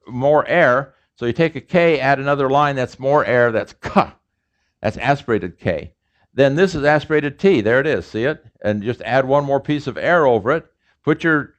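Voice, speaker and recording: A man, a professor, giving a classroom lecture and explaining sounds step by step, with fillers and restarts. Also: mid-range voice. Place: lecture room. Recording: dull lo-fi lecture recording.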